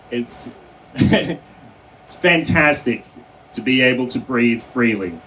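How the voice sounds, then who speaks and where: Male conference speaker, casual storytelling, mid pitch, heard from a distant mic with faint hum. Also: lively intonation, drawn-out words, fairly bright tone. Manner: conversational, many fillers and self-corrections, laughs between phrases. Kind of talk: storytelling speech. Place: conference hall.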